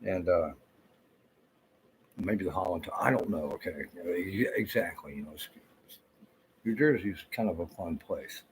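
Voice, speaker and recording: Deep-voiced Southern man rambling. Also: moderate pace, pauses often, slight background noise, rough recording. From Florida. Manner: rambling, profane, many fillers. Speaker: vlogger. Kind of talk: casual rambling storytelling.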